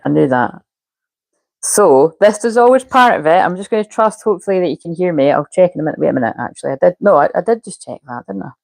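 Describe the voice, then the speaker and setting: A woman's voice: low voice, vocal fry, darkish tone, dry recording, low-quality recording. A woman, a spiritual coach chatting casually on a live stream and muttering to herself while she fiddles with settings.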